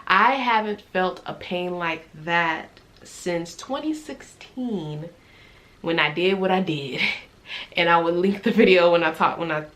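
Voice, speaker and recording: A woman's voice: fairly low pitch, unhurried. A young adult woman vlogging, casually telling a personal story and acting out the dialogue she quotes. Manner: animated retelling that acts out quoted dialogue; conversational, with frequent "I'm like" and "right?".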